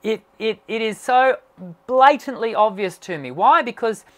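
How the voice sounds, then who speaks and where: A man's voice: high-pitched, expressive, unhurried. A middle-aged man, a voice teacher whose voice is strained as it recovers from dysphonia, answers questions in a live online session, explaining at length with many fillers and restarts.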